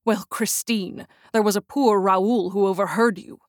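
A woman voicing a despairing young nobleman who speaks in a quiet, earnest tone. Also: fairly even intonation, measured pace, no room sound, clean studio sound, close to an everyday voice. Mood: grieving, hushed. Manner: hushed, low and earnest.

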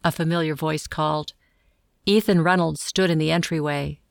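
A woman narrates a story in a low, somewhat husky register with a gravelly edge. Her delivery is measured and steady, in the manner of a recorded audiobook. The sound is dry and close, with no room around it. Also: dry recording. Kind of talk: scripted first- and third-person story narration.

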